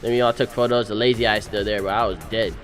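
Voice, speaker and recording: A young man, recently married, narrating his wedding photos in animated, slangy, casual storytelling. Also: fairly low pitch, soft background music. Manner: animated, slangy storytelling with quick voice-acted quotes. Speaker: groom.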